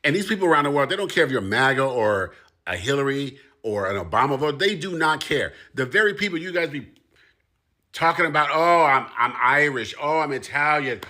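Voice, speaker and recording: In a fairly high, sing-song voice that moves a little quickly, a male commentator addresses the camera with passion. He hammers his arguments through repetition and mounting emphasis.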